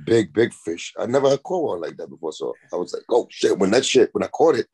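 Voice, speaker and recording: A rapper appearing as a podcast guest tells rambling, profane stories in a casual chat. His voice is lowish and husky, and he talks quickly, delivering his anecdotes with plenty of animation.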